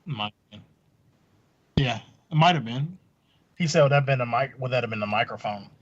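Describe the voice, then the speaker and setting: A man co-hosting a podcast, chiming in with quick reactions and teasing remarks. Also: mid-range voice, highs cut off. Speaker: podcast co-host. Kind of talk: casual chat.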